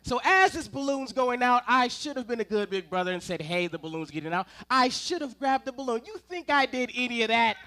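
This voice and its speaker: A man preaching to a congregation in a high, bright voice. He spins humorous family stories and turns often to his listeners with playful asides. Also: lively intonation, a little fast, few pauses. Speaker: ministerial intern preaching. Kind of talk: sermon with personal storytelling. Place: church service before a congregation.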